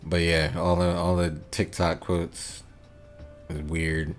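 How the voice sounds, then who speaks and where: Male streamer, deep and unhurried, laid-back rambling chat with frequent chuckles. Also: little pitch movement, faint music behind. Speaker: gaming livestreamer. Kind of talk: casual chat reading out viewer comments.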